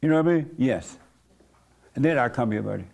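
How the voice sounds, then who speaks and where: A man's voice: mid-range voice, animated, brisk, vocal fry, darkish tone. Blunt, folksy man pastor. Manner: conversational, coaxing, blunt, folksy. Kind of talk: informal church talk.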